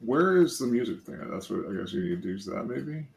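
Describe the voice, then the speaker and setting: A man's voice: medium pitch, big pitch swings, brisk, gravelly, rough recording. A man co-hosting a let's play with a slight lisp, chatting casually, rambling and correcting himself as he goes. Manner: rambling, self-correcting, joking. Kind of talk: casual gaming chat.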